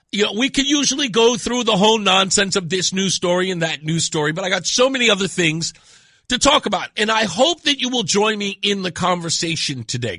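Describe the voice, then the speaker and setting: A hoarse American man with a cold hosts his talk radio show, his voice rough yet riding high and swinging widely in pitch. He sounds bright and pushed, with a husky, scratchy edge. The studio sound is close and dry. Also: dry recording. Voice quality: deep rough voice. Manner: animated, teasing, opinionated. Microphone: studio microphone.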